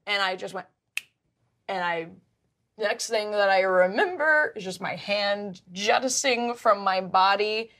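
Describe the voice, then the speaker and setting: A woman's voice: mid-range voice, a little slow. Name: -. Sex: woman. Style: emotional storytelling, many restarts. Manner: emotional, animated, frequent restarts. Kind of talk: casual personal storytelling.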